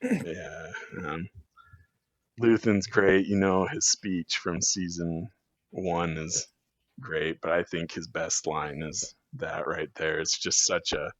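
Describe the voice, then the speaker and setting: A man's voice: low voice, steady tone, slow pace, a bit bright, no room sound. A man talking as a podcast guest in a rambling, casual way, full of fillers and restarts. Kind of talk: casual chat. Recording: dull lo-fi sound.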